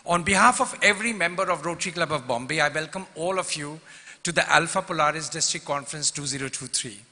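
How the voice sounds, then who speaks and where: Guy giving a formal welcome, slightly high voice, reads it out, hall echo. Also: fast, sharp tone. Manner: formal, lists dignitaries, reads prepared remarks. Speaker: host club president. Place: large convention hall. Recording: long reverb from a large hall.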